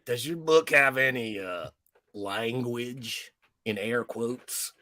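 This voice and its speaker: A man's voice: medium pitch, takes it slowly, bright, forceful tone, pitched below the performer's own voice. A man voicing an angry, hotheaded male match who bullies and bans books, reading aloud in a playful children's-book style.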